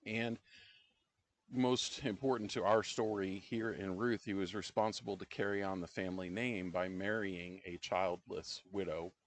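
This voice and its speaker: Very low-voiced middle-aged man leading Bible study. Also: slight background noise. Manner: relaxed and conversational, with frequent "um" pauses. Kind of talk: casual Bible-study discussion.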